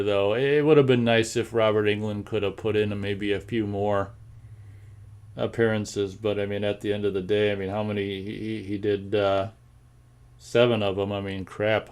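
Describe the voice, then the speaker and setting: A man's voice: fairly low pitch, little pitch movement, moderate pace, a little mellow, smooth. A man with a General American accent hosting a casual live show, reading chat comments and rambling with many fillers and repeated words.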